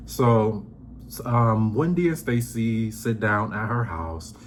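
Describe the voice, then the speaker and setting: A man hosting a casual reality TV recap, talking sassy and animated, acting out quotes in high voices. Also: slow pace, slight background noise. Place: indoors, seated on a squeaky chair.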